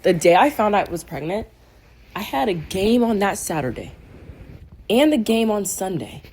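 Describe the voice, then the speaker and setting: A woman in her twenties casually telling a personal story, getting animated and loud as she retells being irritated. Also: normal speed, slight background noise. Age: 20s. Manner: animated, gets loud and high when retelling anger. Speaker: vlogger.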